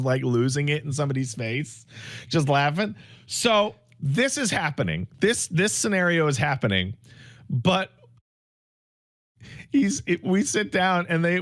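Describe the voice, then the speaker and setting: A man in his thirties, a podcast co-host, excitedly telling a story, acting out the people in it and swearing. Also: a little high, no echo, clean studio sound. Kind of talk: animated storytelling chat.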